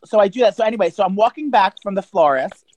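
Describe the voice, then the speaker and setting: A man's voice: high voice, animated, fast talker, a little mellow, lo-fi sound. A man co-hosting a podcast, telling gossipy stories in a campy, rambling way full of fillers. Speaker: podcast co-host. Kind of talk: casual chat.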